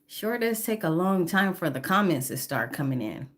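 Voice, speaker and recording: A woman's voice: lowish voice, sing-song, normal speed. A woman in her fifties chatting on a phone live stream, greeting viewers by name and apologizing now and then. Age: 50s. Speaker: livestreamer.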